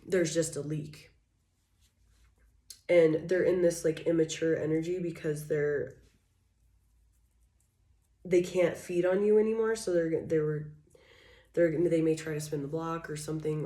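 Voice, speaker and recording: A woman with a deep, low voice gives a rambling, frank tarot reading, packed with fillers and interrupted by frequent coughing. The sound is echoey, as if she is in a bare room. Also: fairly even intonation, normal speed, pauses often, mellow. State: coughing repeatedly. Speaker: tarot reader. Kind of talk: casual channeled tarot reading.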